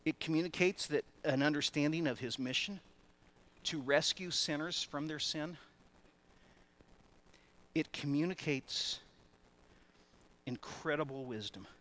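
A male pastor preaching a sermon in an animated way, often laughing between phrases. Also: fairly high pitch, unhurried, pauses often.

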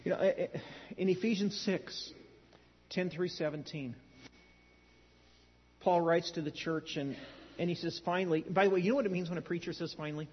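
A man's voice: sits high, fairly even intonation, normal speed, pauses often, a little hiss or hum. A middle-aged man preaching a sermon, telling stories in a conversational way with dry humor. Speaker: pastor. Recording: dull lo-fi sound in a large hall.

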